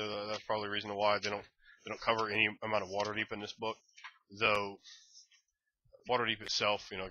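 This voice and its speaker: A man's voice: medium pitch, sharp tone, dry recording, highs cut off. A man giving a casual, enthusiastic and rambling review of a tabletop game book.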